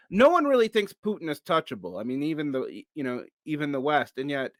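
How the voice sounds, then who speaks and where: A man's voice: fairly high pitch, very animated, moderate pace, no echo. A man hosting an interview, asking long questions hesitantly, searching for words with frequent ums. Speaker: host.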